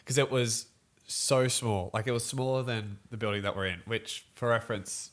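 A young man, telling a story in a casual podcast chat and acting out other people's voices as he goes. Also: lowish voice. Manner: animated storytelling, quick laughs, acts out voices.

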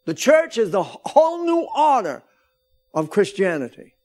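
High-pitched preaching man. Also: very animated, measured pace. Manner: preaching with rising, shouted emphasis and calls for amens. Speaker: pastor. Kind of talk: sermon.

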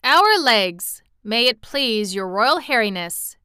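A woman's voice: a little high, very animated, slow pace, sharp tone, clear, resonant tone, no room sound, clean studio sound, voice pushed up, heavily acted. A woman reading aloud and voicing a shaggy, good-humoured wandering man in a storybook, wry and reassuring.

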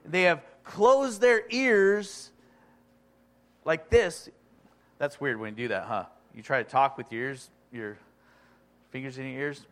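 A man preaching a sermon, reading scripture aloud in a conversational way that swings from quiet asides to loud emphasis. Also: medium pitch, normal speed. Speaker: pastor.

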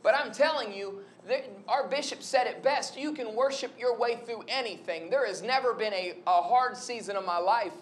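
A man's voice: very high-pitched, moderate pace, hardly any pauses, slight background noise. A young adult man giving a conversational, storytelling sermon. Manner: conversational, storytelling, animated retelling. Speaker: preacher.

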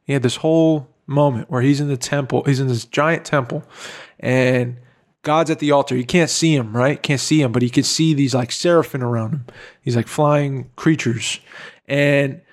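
With a mid-range voice, steady tone and normal speed, this young man co-hosts a podcast. The casual chat comes across as earnest and heartfelt, and he fills it with "like" and "bro".

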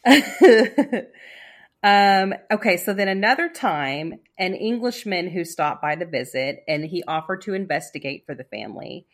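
A woman's voice: lowish voice, normal speed, fairly bright tone. A woman casually telling a spooky story on a podcast, rambling with fillers and restarts. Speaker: storyteller co-host.

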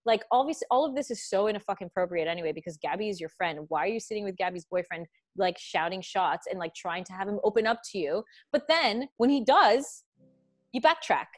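A woman's voice: medium pitch, expressive, brisk. A young woman hosting a podcast, chatting casually and animatedly, swearing often and acting out quotes. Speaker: podcast host. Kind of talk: casual chat.

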